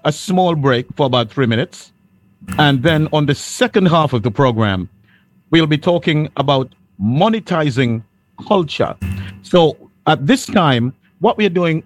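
A man hosting a panel discussion who steers the talk and often repeats his phrases. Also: a little high. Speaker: host.

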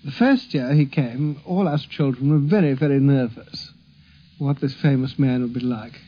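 A man's voice: on the high side, breathy edge. A man fondly recalling childhood visits in an anecdotal, storytelling way. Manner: warm, fond storytelling. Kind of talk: archival reminiscence. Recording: dull lo-fi archive recording.

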